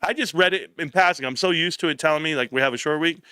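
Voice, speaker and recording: A young man from California hosting a casual live stream from home, chatting with viewers and telling stories in an animated way. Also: fairly high pitch, fast, clear, resonant tone, no echo, studio quality. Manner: animated storytelling, reads chat aloud. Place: home, standing at a desk.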